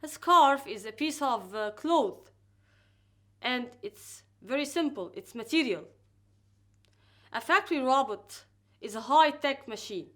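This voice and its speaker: Woman, high voice, careful slow drilling, recorded lesson. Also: expressive. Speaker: English teacher.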